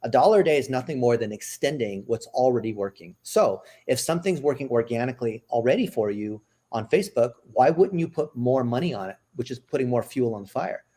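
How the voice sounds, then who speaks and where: A man as a podcast guest, explaining an ad strategy in casual interview talk, with quick asides and frequent "right?" checks. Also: mid-range voice, expressive, warm tone. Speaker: podcast guest, marketing executive.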